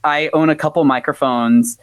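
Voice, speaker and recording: A man's voice: on the high side, steady tone, moderate pace, clear, resonant tone, no room sound. A man from the United States, a folk-punk musician, telling a story animatedly in a casual interview and acting out the people he quotes, with plenty of filler words.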